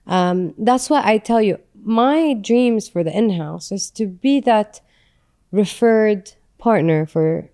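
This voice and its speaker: A woman's voice: medium pitch, slow, mellow. A woman in her thirties, a podcast guest and business founder, talking candidly and reflectively with frequent "um"s. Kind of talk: casual conversational interview.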